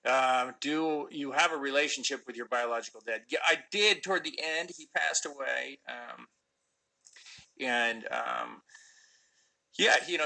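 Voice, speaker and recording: A middle-aged actor chatting casually on a phone live stream, answering fan questions with lots of ums and restarts. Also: male voice, medium pitch, unhurried, vocal fry, pushed and bright, poor audio. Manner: rambling, many fillers and restarts.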